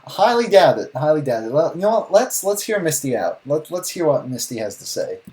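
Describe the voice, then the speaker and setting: A man's voice: on the high side, very animated, fairly quick, a little mellow, poor audio. A man streaming a live reaction, talking casually with sarcastic, rambling remarks and frequent restarts.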